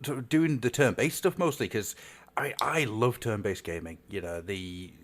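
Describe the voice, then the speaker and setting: A man's voice: fairly low pitch, normal speed. A man hosting a podcast in casual chat, joking, laughing often and rambling through restarts. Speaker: podcast host.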